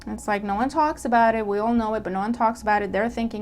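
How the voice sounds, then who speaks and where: A woman giving a casual tarot reading to her viewers. She talks in an animated way, often asking "okay?" and repeating her points. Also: a little high, quick pace, slight background noise. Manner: animated, acts out imagined dialogue; checks in with listener, repeats herself. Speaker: tarot reader.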